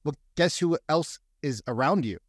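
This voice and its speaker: A man who works as a real estate agent, telling stories in a casual podcast chat with a profane, animated delivery. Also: fairly high pitch, moderate pace, no echo, studio quality.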